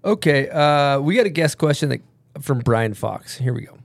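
A man's voice: on the high side, animated, normal speed, gravelly, dry recording. A man hosting a podcast in casual chat, laid-back and offhand, swearing now and then. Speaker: podcast host.

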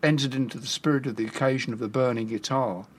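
A man's voice: medium pitch, fairly even intonation, quick pace, husky. Older man telling wry music stories. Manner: wry, acts out quotes in voices. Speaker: music journalist guest. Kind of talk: anecdotal storytelling.

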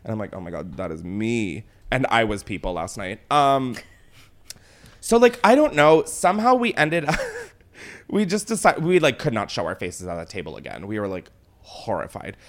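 A young podcast host with a medium-pitched voice at normal speed casually retells a wild night out on his own show. He's animated and dramatic, swearing a lot and quoting people in put-on voices.

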